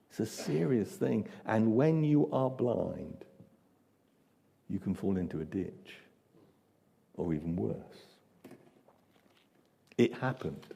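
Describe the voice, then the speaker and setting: A man preaching at an unhurried, deliberate pace, telling the story dramatically with dry humor. His voice rings through a church hall with a long reverb tail. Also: medium pitch, gravelly, mellow, husky. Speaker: pastor. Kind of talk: sermon.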